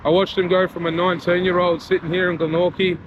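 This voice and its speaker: An Australian vlogger and rapper chats casually while walking around his area, through a town street and mall, relaxed and heartfelt, leaning on lots of "you know". He talks fast in a high-pitched voice. The noisy outdoor street recording has its highs cut off.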